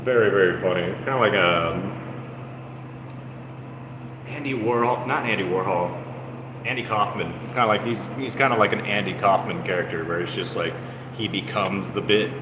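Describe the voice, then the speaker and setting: With a deep voice and a fairly quick pace, a man livestreams from his apartment, rambling and teasing his chat with mock taunts. The room is echoey and an air conditioner hums.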